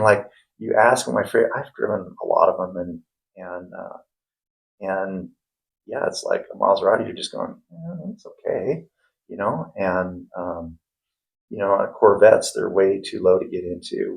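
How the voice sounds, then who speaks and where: A man's voice: deep voice, creaky, rough recording. A middle-aged man, a former plumber turned investor, talking casually in an interview with lots of fillers and restarts. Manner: rambling, many restarts and fillers.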